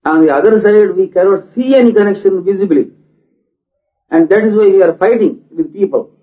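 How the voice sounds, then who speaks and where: A man giving a philosophical lecture, deliberate in manner and asking many rhetorical questions. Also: sits high. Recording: dull lo-fi recording.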